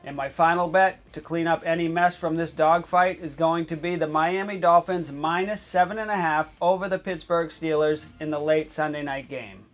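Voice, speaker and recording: A male host of a comedy betting show talks through his picks. His voice sits a little high, and his deadpan delivery breaks into excited coughing fits. Faint music plays behind him. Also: moderate pace, few pauses.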